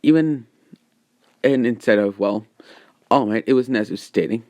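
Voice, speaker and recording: A man's voice: mid-range voice, normal speed, long pauses, darkish tone, no room sound. A man casually retelling a fan story, rambling with lots of fillers.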